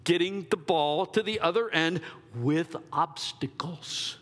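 Animated preaching man in a big hall. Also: on the high side, slow. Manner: animated, conversational preaching with acted asides. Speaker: pastor. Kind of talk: sermon.

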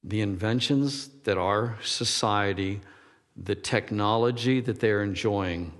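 A man's voice: lowish voice, slow, a bit bright. A man in his sixties preaching a sermon, rambling and self-deprecating, often laughing at himself. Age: 60s. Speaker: pastor. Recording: long hall reverb.

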